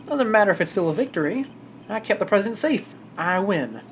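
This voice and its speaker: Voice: mid-range voice, expressive, brisk, slight background noise, voice pushed up, natural voice. A streamer voicing a blunt, proud male bodyguard with a put-on Southern US accent while reading a game aloud. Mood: gruff.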